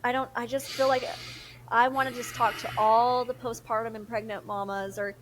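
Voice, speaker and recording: A woman's voice: a little high, normal speed, noisy background. A young woman, talking openly and with feeling as a podcast co-host. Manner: animated and emotional, quotes others in lively voices. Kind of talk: casual chat.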